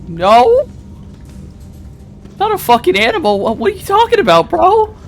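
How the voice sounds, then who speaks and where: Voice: huge pitch swings, moderate pace, soft background music, heavily acted. A game master doing a panicky cursing thug. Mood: defensive. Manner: cursing, pleading, voice cracking high. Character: panicky small-time kidnapper man, defensive.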